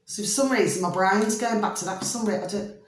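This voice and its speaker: A woman's voice: mid-range voice, fast talker. A middle-aged woman with a homely, rambling way of talking, chatting about spiritual matters in a vlog. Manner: rambling, homely, fond of mild slang like "flipping" and "blooming". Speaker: vlogger. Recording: very echoey room.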